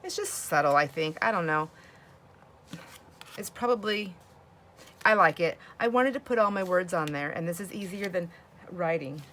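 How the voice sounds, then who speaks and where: A woman's voice: lowish voice, normal speed, pauses often, fairly bright tone, a little hiss or hum. A woman hosting a crafting video, chatting casually and laughing often as she works. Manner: chatty, laughs often, talks to herself while working. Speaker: crafting channel host.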